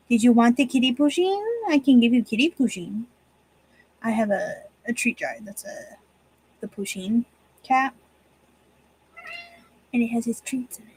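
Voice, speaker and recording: A woman's voice: fairly high pitch, a little slow, long pauses, darkish tone, slight background noise, rough recording. A woman streamer chatting casually while she crochets at home, talking fondly and teasingly to her cat. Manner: fond, teasing talk to her pet cat. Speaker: crafting streamer.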